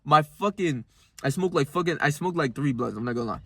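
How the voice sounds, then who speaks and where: A young man with a voice pitched a little above most men's, talking to camera in a loose motivational monologue. He rambles and circles back, leans hard on his points with frequent swearing, and keeps calling the listener bro. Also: expressive, a little fast, pushed and bright, husky, dry recording. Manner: rambling, emphatic and profane, calls the viewer "bro". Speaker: self-improvement vlogger.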